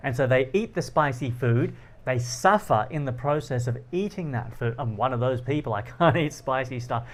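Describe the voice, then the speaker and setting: Animated man explaining ideas with anecdotes. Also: mid-range voice, moderate pace. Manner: animated, laughs often, acts out quoted lines. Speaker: philosophy channel host. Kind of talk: explanatory monologue with personal anecdotes.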